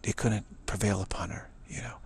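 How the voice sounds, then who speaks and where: A man telling a rambling spiritual story in a halting way, often repeating words and restarting. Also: fairly low pitch, fairly even intonation, darkish tone, breathy edge.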